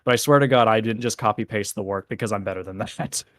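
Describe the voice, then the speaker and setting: A man guesting on a casual live stream, talking in a relaxed, chatty way with lots of fillers. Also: fairly low pitch, fast talker, dry recording, clean studio sound.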